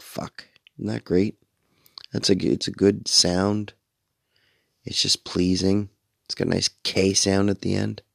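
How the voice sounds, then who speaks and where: A man's voice: sits low, gravelly, no room sound, clean studio sound. A middle-aged man hosting a late-night radio show, tired and sleepy, rambling casually and swearing freely. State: sleepy, yawning.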